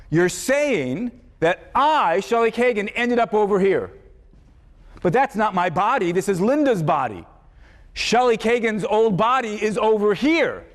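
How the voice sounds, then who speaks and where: Halting male professor in echoey hall. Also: high voice. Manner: halting, repeats words, many fillers. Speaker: philosophy professor. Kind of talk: university lecture. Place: large lecture hall.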